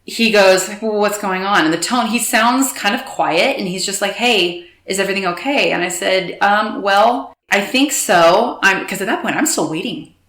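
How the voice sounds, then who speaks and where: A woman recounting a personal story with emotion, halting and restarting, quoting others in quick bursts. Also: medium pitch, fairly bright tone, reverberant. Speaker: guest telling her story.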